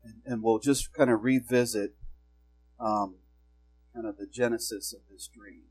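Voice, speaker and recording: A man's voice: medium pitch, fairly even intonation, a little slow, a little mellow, soft background music, rough recording. A male pastor preaching a sermon in an earnest, exhorting way, asking his congregation questions.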